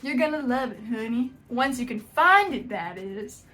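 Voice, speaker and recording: A woman's voice: a little high, expressive, normal speed, fairly bright tone, faint music behind. A woman voicing a smug husband in a hammy, put-on odd accent.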